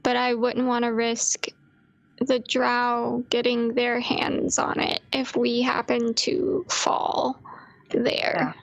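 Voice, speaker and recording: A woman player in a tabletop role-play, speaking softly and hesitantly with frequent ums and restarts. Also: fairly high pitch, steady tone, slow pace, gravelly.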